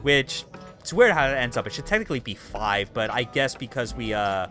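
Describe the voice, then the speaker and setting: Young man, streamer, bright forceful voice, faint music behind. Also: mid-range voice, lively intonation, a little fast. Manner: laughs often, swears freely. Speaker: streamer host. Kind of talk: casual stream chat.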